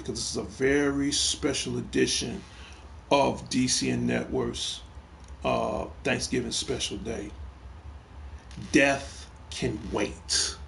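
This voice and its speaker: There's slight background noise behind this middle-aged man's gravelly, somewhat high voice. Hosting a gaming talk show on a casual live stream, he hammers at a troll with emphatic, repeated lines.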